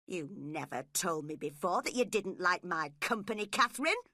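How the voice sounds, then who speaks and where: A woman's voice: lowish voice, lively intonation, normal speed, pushed and bright, no room sound, clean studio sound. A woman voicing a sullen, jealous young man who speaks bluntly and resentfully.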